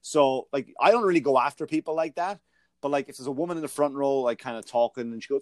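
A male comedian hosting a podcast, telling profane, animated stories in casual chat. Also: medium pitch, fast, dry recording.

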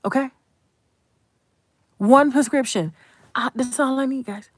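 A woman's voice: high voice, a little slow. A young adult woman content creator giving a blunt, profane, emphatic commentary rant.

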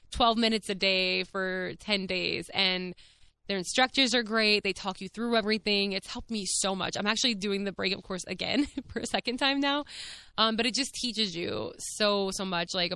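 A woman's voice: mid-range voice, bright, forceful tone, clean tone. A young woman hosting her own podcast, chatting candidly about her life in a casual way, with frequent laughs and lots of fillers. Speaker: podcast host. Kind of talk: casual personal chat.

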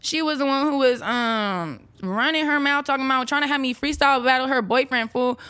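A woman in her twenties, a former reality show cast member, venting in a brash, profane, rapid-fire rant during a casual chat. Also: high voice, bright, forceful tone, clear, resonant tone. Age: 20s.

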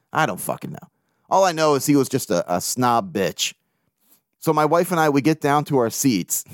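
A podcast host delivers a casual monologue, telling stories in a rambling, profane, self-mocking way. His voice sits at a medium pitch, and the recording is dry with clean studio sound.

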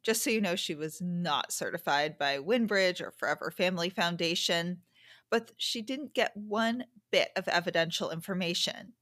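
A woman's voice: on the low side, normal speed, a bit bright, no echo. A woman hosting a podcast, talking casually and candidly with frequent asides and self-corrections. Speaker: podcast host. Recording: dry close-mic sound.

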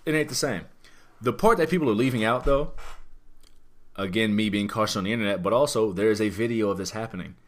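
A fast-talking man with a fairly low-pitched voice hosts a podcast about wrestling. His casual chat about the news rambles along emphatically, with lots of rhetorical questions.

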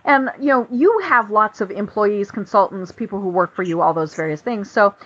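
A woman's voice: mid-range voice, moderate pace, a bit bright, breathy edge. A woman hosting a podcast interview, asking loose, chatty questions full of fillers. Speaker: podcast host. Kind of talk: conversational interview. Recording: slightly muffled lo-fi audio.

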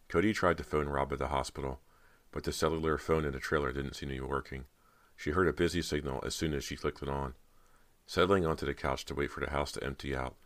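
A man narrating a horror audiobook in a steady storytelling manner. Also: a bass voice, no echo.

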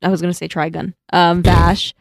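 Co-host, female, lowish voice, dry close mic, curious and musing. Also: level tone, normal speed, gravelly, no echo. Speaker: podcast co-host. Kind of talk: casual chat.

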